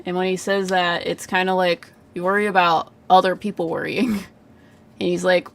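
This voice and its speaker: A woman's voice: lowish voice, little pitch movement, moderate pace. A woman giving live psychic readings in a casual livestream chat, full of "like" fillers, frequent laughs and casual swearing.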